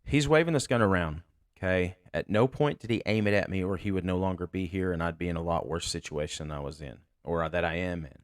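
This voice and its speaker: A sheriff's deputy hosting a podcast, telling a tense story in a blunt, candid, profane way. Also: male voice, low-pitched, a little fast, dry recording, clean studio sound. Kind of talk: casual storytelling.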